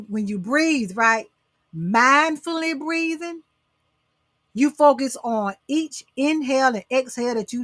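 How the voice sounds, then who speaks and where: Middle-aged woman host, bright, dry close sound, preachy and coaxing with her audience. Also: fairly high pitch, dry recording. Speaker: talk show host. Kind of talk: casual motivational talk to live viewers.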